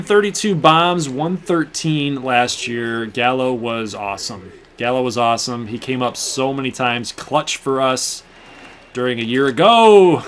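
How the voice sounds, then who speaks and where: A man's voice: mid-range voice, animated, measured pace, a bit bright, soft background music. A young man hosting a gaming channel, chatting to viewers with casual play-by-play while he plays a baseball video game. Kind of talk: casual gameplay commentary.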